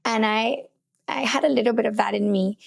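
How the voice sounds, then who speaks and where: A woman's voice: on the high side, fairly even intonation, a little fast, gravelly. Chatty woman podcast host telling a story. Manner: candid and chatty, acts out her own thoughts in quotes. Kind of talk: personal storytelling on faith and relationships.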